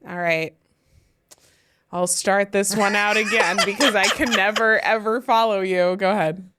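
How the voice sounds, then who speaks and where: A woman and former teacher co-hosting a casual podcast, talking in an expressive, ranting way. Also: mid-range voice, very noisy. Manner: expressive, ranting, quick laughs.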